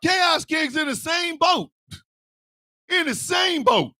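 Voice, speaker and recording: A man ranting comedically as a show host, loud and animated with shouted bursts. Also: very high voice, slow pace, dry recording, studio quality. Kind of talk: comic rant.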